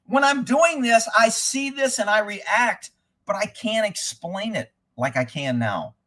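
A man's voice: high-pitched, expressive, measured pace, pushed and bright. A man who trains horses, giving blunt, rambling live commentary over riding footage and swearing freely.

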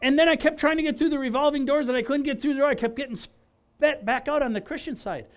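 Man, very high voice, personal testimony, animated storyteller, from Wisconsin. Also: fast. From Wisconsin, USA. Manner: animated, acts out dialogue, restarts often. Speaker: guest giving testimony.

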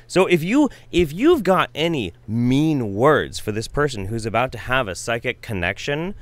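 A man's voice: medium pitch, big pitch swings, moderate pace, few pauses, dry recording. A man doing sarcastic, mocking reaction commentary, swearing freely. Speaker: commentary YouTuber.

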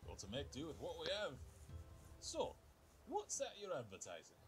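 Wry, lively wandering bartender. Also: male voice, fairly high pitch, normal speed, faint music behind. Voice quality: dry, wry storyteller delivery. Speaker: bartender applicant.

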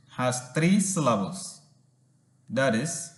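A man giving a language lesson, reading slowly and sounding out words syllable by syllable. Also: medium pitch, animated, echoey room. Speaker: language teacher.

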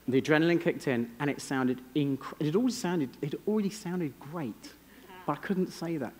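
An Englishman with a slightly high, darkish voice gives a keynote talk on a conference stage, speaking a little fast. He tells wry, self-deprecating stories, and the long reverb of a large hall surrounds his words.

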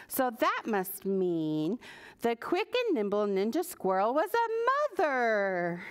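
A woman librarian reading a picture book aloud at preschool story time, animated and asking the children questions. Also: mid-range voice, slow pace.

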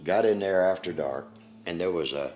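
An older man recounting his memories in an interview, plain-spoken and halting, with pauses and restarts. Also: deep voice, a little mellow, faint music behind.

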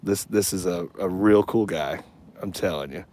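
A man's voice: low voice, moderate pace, a little mellow, poor audio. A man chatting casually during an outdoor live stream, folksy and often laughing. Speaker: vlogger livestreaming a search. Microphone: action camera.

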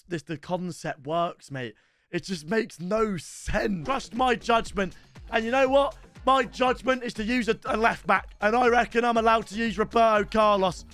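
A young man doing loud, sweary gaming commentary for his viewers. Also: sits high. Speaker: gaming YouTuber.

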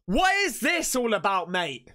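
A man hosting a reaction video, jumpy and swearing freely, shouting when something startles him. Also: sits high, big pitch swings, measured pace. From England. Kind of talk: excitable reaction commentary.

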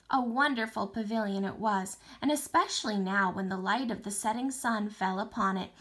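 A woman teacher reading a novel aloud for distance learning, expressive, with small slips and restarts. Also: on the high side.

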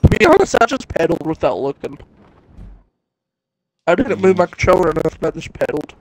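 A man's voice: sing-song, fairly quick, poor audio. A man chatting casually with friends while gaming, teasing them playfully. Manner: teasing, playful, slips into mock high and low voices. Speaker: gamer.

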